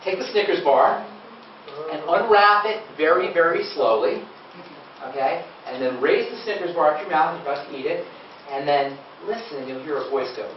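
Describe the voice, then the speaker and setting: A man's voice: on the high side, lively intonation, fairly quick, slight background noise. Man lecturing in an echoey room. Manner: conversational, quizzes the audience. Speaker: nutrition speaker. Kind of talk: live seminar talk to an audience. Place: lecture room with a live audience. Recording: dull, echoey room from far off.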